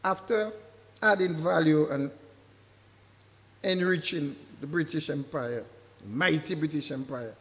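A man delivers a public lecture in a fairly high voice. He speaks emphatically and leans on repeated words to drive his points home. His voice carries a long reverb, as if it were recorded in a large hall. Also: unhurried, long pauses, a bit bright.

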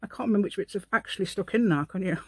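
A woman's voice: mid-range voice, racing, darkish tone, breathy edge, no echo. A woman hosting a casual crafting tutorial at her craft table at home, thinking aloud and asking the viewer questions as she works. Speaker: craft channel host.

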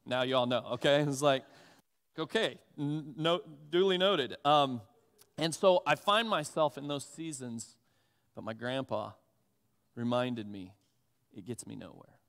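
A man preaching a sermon with a slightly raised pitch and a smooth, resonant voice. He talks in a conversational, animated way, often poking fun at himself. A long church reverb trails behind every phrase. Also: moderate pace. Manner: conversational, animated, self-deprecating. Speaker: pastor. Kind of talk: sermon with personal storytelling. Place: church sanctuary.

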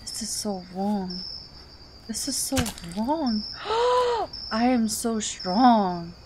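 A woman giving casual commentary on a horror game she is playing. She swings from quiet mutters to shrieks and laughs often. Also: on the high side, huge pitch swings, very slow, noisy background. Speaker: gaming channel host.

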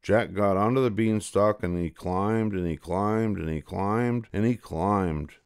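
An older man reading a children's fairy tale aloud in a slow, gentle storytelling manner. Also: lowish voice, clean tone, no echo, studio quality.

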